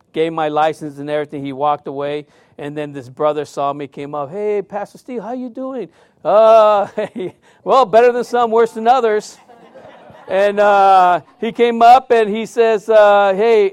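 A male pastor preaching a sermon, telling stories with sudden loud outbursts and quiet drops. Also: sits high, clear, resonant tone, no echo, clean studio sound.

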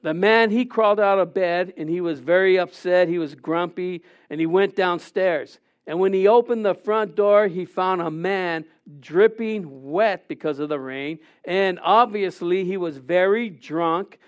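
High, smooth-voiced man preaching. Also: unhurried, hardly any pauses. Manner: reads scripture then tells a joke with audience asides and laughter. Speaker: pastor. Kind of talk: sermon.

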